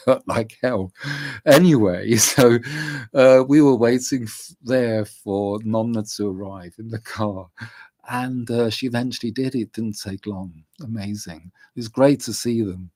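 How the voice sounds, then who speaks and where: A man tells a story to his camera in an unhurried, meandering way. His voice sits a little low and the sound is dry and close. He chuckles often and leans on fillers as he goes. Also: darkish tone, no room sound. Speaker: vlogger. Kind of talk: casual storytelling.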